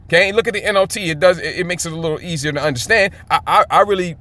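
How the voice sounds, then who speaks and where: Man, bible teacher, emphatic, fired up, fairly high voice. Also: fast talker, hardly any pauses, sharp tone, no echo. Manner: emphatic, keeps checking in with "okay?".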